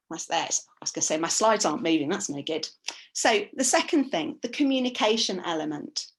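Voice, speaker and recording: A woman who teaches languages, giving a chatty conference talk with slides, with frequent ums and quick self-corrections. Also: on the low side. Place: conference session.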